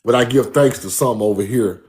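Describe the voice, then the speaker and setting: A man's voice: medium pitch, quick pace, a little mellow. A man giving a casual, emphatic street-style lecture, repeating his points and calling the listener bro. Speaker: speaker giving a talk.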